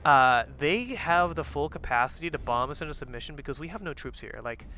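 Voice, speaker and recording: A man's voice: mid-range voice, fast, sharp tone, a little hiss or hum. A young man giving casual, profane commentary while playing a strategy game, rambling with lots of fillers and jokes.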